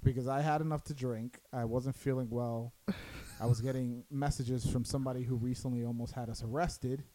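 Crude, animated man telling a story. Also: medium pitch, brisk, rough recording. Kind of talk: casual storytelling chat.

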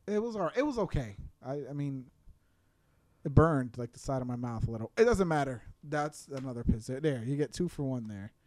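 A man's voice: mid-range voice, animated, brisk, darkish tone, no echo. Young male podcast cohost, rambling crude chat, dry close sound. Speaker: podcast co-host. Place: apartment room.

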